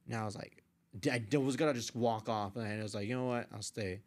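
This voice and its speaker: Animated young man telling a story. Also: fairly low pitch, fast talker. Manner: animated retelling, acts out quoted voices, swears freely. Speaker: podcast guest, artist and photographer. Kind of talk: casual storytelling.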